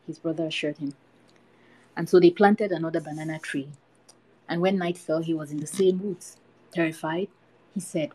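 A woman hosting a podcast, reading a folktale aloud in a steady storytelling manner. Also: on the low side, a little fast, breathy edge, low-quality recording. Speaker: podcast host.

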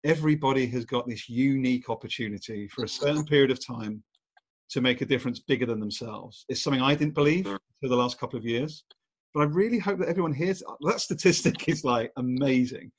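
A man's voice: mid-range voice, fairly quick, breathy edge. A man hosting a podcast interview, enthusiastic and restarting his sentences as he asks questions. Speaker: podcast host. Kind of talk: casual interview chat.

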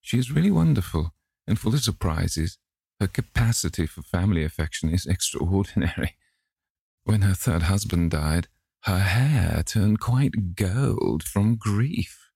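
A languid, cynical gentleman drawls clever epigrams in a deep, gravelly low voice, as a man reads him in an audiobook. The recording is close and dry. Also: expressive, measured pace, no echo, full character voice. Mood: amused. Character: witty cynical aristocratic gentleman. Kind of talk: audiobook character reading.

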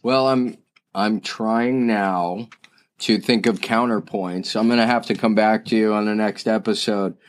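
A man's voice: lowish voice, steady tone, measured pace. Enthusiastic man co-hosting a chat. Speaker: podcast co-host. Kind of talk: casual business chat.

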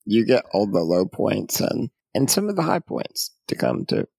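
A man as a podcast guest, talking in a serious, measured, quiet way. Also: fairly low pitch, huge pitch swings, vocal fry, slightly rough, no room sound. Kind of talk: conversational interview.

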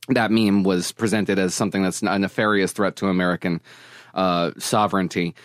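A man's voice: low voice, steady tone, moderate pace, no room sound, clean studio sound. A man making an emphatic argument as a guest in casual political talk on a podcast.

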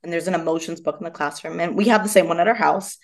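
A young adult woman, a guest on a podcast, telling personal stories in a casual, animated way and acting out the voices of people in them. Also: fairly low pitch, quick pace. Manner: animated, acts out quoted dialogue. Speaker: guest, movement method founder. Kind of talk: casual storytelling interview.

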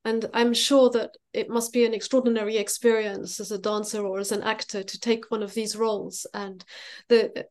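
A woman artist answering interview questions thoughtfully, pausing and searching for her words. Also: mid-range voice, level tone, a little mellow. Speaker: guest artist.

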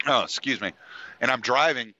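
A man's voice: medium pitch, normal speed, bright, forceful tone, no room sound, dull audio. A man hosting a podcast in a casual, rambling monologue, swearing freely and restarting his sentences, and congested. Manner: rambling, profane, with frequent fillers and restarts. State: congested, sniffly. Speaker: podcast host.

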